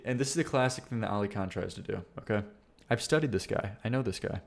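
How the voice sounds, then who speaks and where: A man hosting a music-review livestream, talking casually in a rambling, slangy way and swearing freely. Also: mid-range voice.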